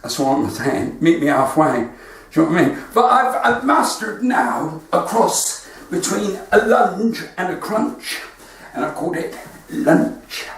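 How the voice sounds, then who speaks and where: A man's voice: high-pitched, lively intonation, a little slow. A man with a West Country accent doing chatty stand-up storytelling from his front room. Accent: West Country English. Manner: chatty storytelling with quoted dialogue. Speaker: stand-up comedian. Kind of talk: stand-up comedy livestream. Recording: very echoey room, distant mic, faint noise.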